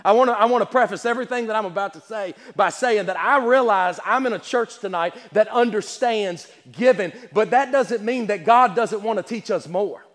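A man with a high voice preaches a sermon. He repeats his key phrases in a rhythmic, rising way and reads old-style scripture aloud. His voice rings with the long echo of a church hall. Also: moderate pace, hardly any pauses, fairly bright tone.

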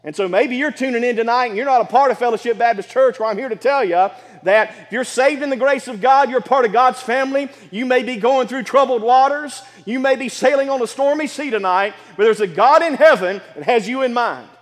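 A man's voice: very high-pitched, brisk, few pauses, big-room sound. A man preaching a sermon as pastor of a church, repeating phrases and building emphasis as he speaks. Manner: preaching with repetition and rising emphasis.

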